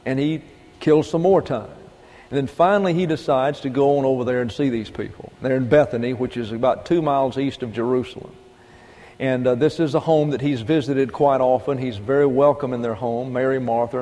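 A man preaching with a mellow, dark-toned voice, his folksy sermon full of rhetorical questions and punchy emphasis. The sound carries a long reverb, as if caught in a large hall. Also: medium pitch, fairly quick. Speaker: pastor.

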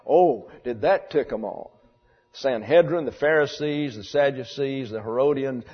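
A man's voice: fairly high pitch, slightly rough. A man preaching a sermon to his church in a blunt, wry way, asking his listeners questions. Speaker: pastor. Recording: dull echoey church recording.

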